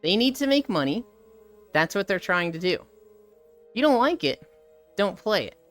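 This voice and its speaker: A woman's voice: mid-range voice, big pitch swings, unhurried, soft background music. A woman streamer chatting casually and emphatically while she walks, piling up points in long lists. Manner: opinionated, emphatic, builds up lists. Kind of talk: casual live-stream chat.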